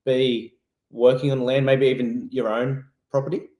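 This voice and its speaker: A man's voice: mid-range voice, level tone, moderate pace, warm tone. A man hosting a casual interview and asking questions conversationally. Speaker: host. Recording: echoey room.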